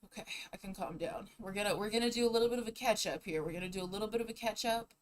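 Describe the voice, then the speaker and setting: A young woman streaming. She chats casually and rambles, sometimes mumbling and sometimes breaking out loudly. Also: medium pitch, very fast, low-quality recording. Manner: rambling, chatty, swings between mumbling and loud outbursts. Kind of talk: casual live-stream chat.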